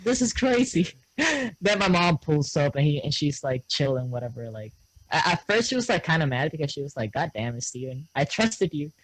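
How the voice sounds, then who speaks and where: Rambling guy, higher pitch. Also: sing-song, normal speed, a bit bright, no echo, low-quality recording. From Puerto Rico. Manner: rambling, laughing, lots of fillers. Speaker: podcast host. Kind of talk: casual storytelling chat.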